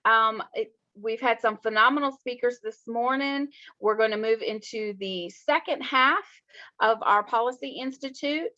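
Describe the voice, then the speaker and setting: A woman's voice: a little high, normal speed, pushed and bright. A woman hosting an online event, welcoming everyone back and introducing the next speaker in an upbeat way. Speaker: event host. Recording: muffled lo-fi audio.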